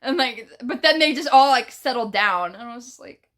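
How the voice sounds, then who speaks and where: A woman with a New York accent telling a casual storytime vlog, animated, profane and full of slang. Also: sits high, moderate pace. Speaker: vlogger.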